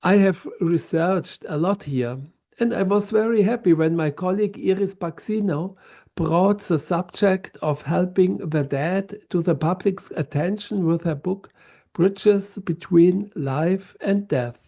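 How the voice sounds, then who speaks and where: A man of about sixty from southern Germany with a German accent, giving a prepared lecture in a slow, measured way. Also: sits high, vocal fry, dark tone, highs cut off.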